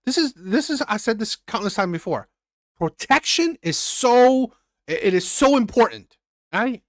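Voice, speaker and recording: A blunt male reaction host who talks in emphatic bursts and keeps repeating himself. His pitch swings widely between points. The sound is close and dry, with no room in it. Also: lively intonation, moderate pace, dry recording. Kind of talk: reaction commentary.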